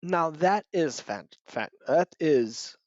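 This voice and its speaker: A woman's voice: deep voice, big pitch swings, highs cut off. A woman playing a snooty noblewoman. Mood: polite. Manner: snooty, drawn-out, polite. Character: haughty, prim noblewoman at a party.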